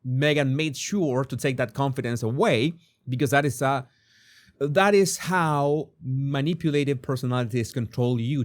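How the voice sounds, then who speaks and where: Spanish-accented man hosting commentary. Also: medium pitch. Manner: animated, stammers and repeats words. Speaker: commentary channel host. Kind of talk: casual video commentary.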